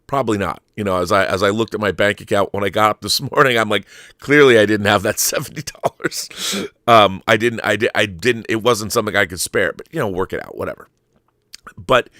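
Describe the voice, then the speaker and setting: Low-voiced man telling a rambling story. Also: sharp tone, dry recording, clean studio sound. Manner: rambling, self-interrupting, amused. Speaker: show host. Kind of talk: casual storytelling monologue.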